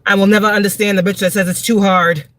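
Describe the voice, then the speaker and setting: Livestreaming a tarot reading, this spiritual advisor talks fast in a mid-range, slightly bright voice with little pitch movement and no room sound. Her monologue is blunt, profane and preachy, and she repeats words for emphasis.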